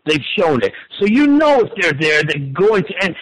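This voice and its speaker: A man in his forties talks sports in a bright, high voice. He is excitable and swears freely, tripping over stammered restarts as he rushes on. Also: poor audio. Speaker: wrestling and football pundit guest. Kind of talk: excited casual sports talk.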